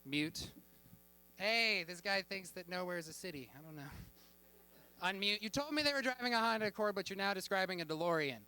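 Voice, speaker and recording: A man performing stand-up comedy on a club stage with a deadpan, mock-official delivery. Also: high voice, brisk, clear, resonant tone, low-quality recording. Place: comedy club stage before a live audience.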